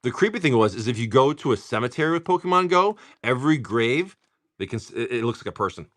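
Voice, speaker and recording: A man's voice: medium pitch, animated, fairly bright tone, dry recording. Tired, cussing man hosting a card stream. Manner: swears freely, teasing, chatty, reads card names off quickly. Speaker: card-breaking stream host. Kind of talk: casual live-stream chat.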